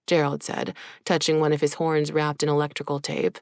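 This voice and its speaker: A woman reading a story aloud as audiobook narrator in an even, measured way. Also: low-pitched, no room sound, studio quality. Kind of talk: scripted narration.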